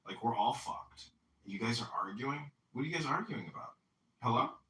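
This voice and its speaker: A man's voice: medium pitch, animated, normal speed, pushed and bright, slight background noise. A man hosting a casual online talk, rambling through a long anecdote with plenty of swearing. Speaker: podcast host. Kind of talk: casual storytelling chat. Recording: echoey audio from far off the mic.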